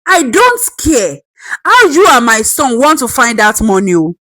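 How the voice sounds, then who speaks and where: A woman's voice: fairly high pitch, very animated, unhurried, sharp tone, dry recording, heavily acted. Woman playing a fierce scolding grandmother. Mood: furious. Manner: scolding, emphatic, repeats herself.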